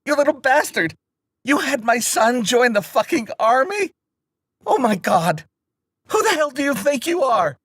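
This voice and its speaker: A man's voice: very high voice, very animated, unhurried, a bit bright, slightly rough, no echo, studio quality, voice pushed up, heavily acted. A man voicing a shrieking, sobbing furious woman. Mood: enraged. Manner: shrieking, tearful berating. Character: sobbing furious middle-aged woman on the phone.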